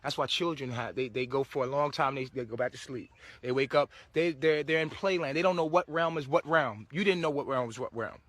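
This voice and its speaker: A man's voice: on the high side, a bit bright, no echo. A man giving a casual spiritual monologue to his viewers, preachy and swearing freely, often breaking into laughter. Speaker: spiritual vlogger.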